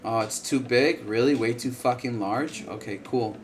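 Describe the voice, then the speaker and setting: Over soft background music, a trading livestream host talks through the markets casually and bluntly at a normal pace. Sleep-deprived, he yawns, curses frequently, and says things more than once in his mid-range voice.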